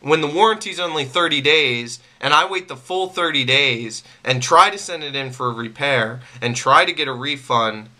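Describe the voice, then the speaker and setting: Man, angry, very bright voice, repetitive, stumbles and restarts, vlog rant. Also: medium pitch, moderate pace, hardly any pauses. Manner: irritated, repetitive, stammering restarts. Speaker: vlogger. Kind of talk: venting straight to camera.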